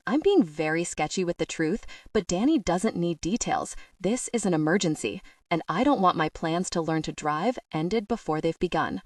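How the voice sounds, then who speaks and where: A woman with a lowish voice reads a first-person romance audiobook, lending each scene expressive colour. The recording is dry yet sits a little back from the mic. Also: moderate pace, no room sound, far from the mic. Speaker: audiobook narrator.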